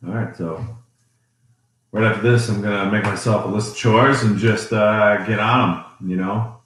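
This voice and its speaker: A man's voice: fairly low pitch, steady tone, normal speed, fairly bright tone. A man co-hosting a casual couple's vlog at home, easygoing and joking. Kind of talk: casual live chat. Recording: roomy echo.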